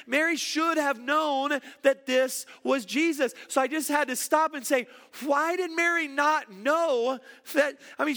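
A man's voice: very high voice, creaky, pushed and bright. A middle-aged man preaching a sermon, earnest and repeating words for emphasis. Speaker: pastor.

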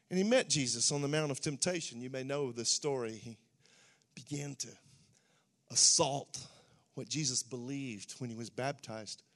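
A man's voice: medium pitch, measured pace, long pauses, fairly bright tone. A man preaching a sermon in a church, speaking emphatically and building to fervent exhortation.

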